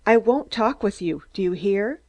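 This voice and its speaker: A woman reading an audiobook, voicing a stunted, excitable man who rants in shrill, staccato bursts. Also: normal speed, natural voice. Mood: furious. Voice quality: shrill, squeaky. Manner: screaming, staccato, gloating.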